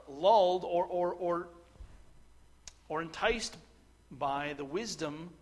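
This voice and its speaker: A middle-aged man preaching a sermon, earnest and halting, with frequent restarts, at times building to forceful emphasis. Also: sits high. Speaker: pastor.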